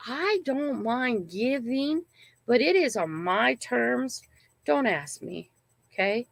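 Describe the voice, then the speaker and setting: A woman's voice: a little high, lively intonation, takes it slowly, vocal fry, no room sound. An older woman hosting a casual livestream, telling a family story in a rambling, emphatic way and often checking in with "right?". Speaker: channel host.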